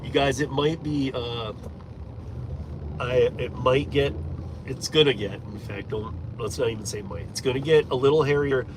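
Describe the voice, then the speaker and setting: Steady road noise fills the background as a Michigan rideshare driver chats with his stream while driving. His voice sits mid-range at a moderate pace, and he rambles along, laughing and cursing offhandedly.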